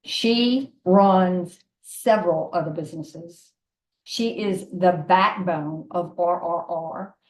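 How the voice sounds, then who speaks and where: A woman gives an emotional, emphatic introduction on a video call and repeats her words as she talks. Her voice is fairly low, and the room behind her is echoey. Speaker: member introducing the speaker. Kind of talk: heartfelt introduction on a group call.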